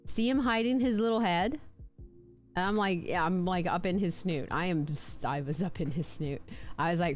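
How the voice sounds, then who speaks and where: Chatty woman streamer with a low voice. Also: normal speed, soft background music. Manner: chatty, playful, talks with lots of likes and restarts; puts on silly voices for her snake. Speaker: streamer showing her pet snakes. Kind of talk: casual live-stream chat.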